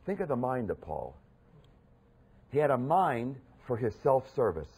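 A husky-voiced man preaching with a lively, swooping pitch. He leans hard into emphatic lines, then drops to a low murmur. His delivery feels like an impassioned sermon. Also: unhurried, long pauses. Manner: emphatic, swinging between loud outbursts and low murmurs.

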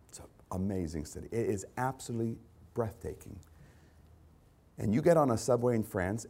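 A man's voice: on the low side, mellow. Male pastor with emphatic repeated questions. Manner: repetitive rhetorical questions, emphatic. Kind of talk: sermon.

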